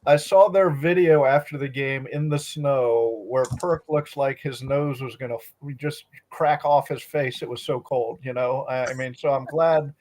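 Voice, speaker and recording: A man's voice: mid-range voice, fairly even intonation, darkish tone. A middle-aged man, a sports columnist guest, chatting casually and often restarting his sentences. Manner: halting, repeats words when starting. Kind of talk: casual interview chat.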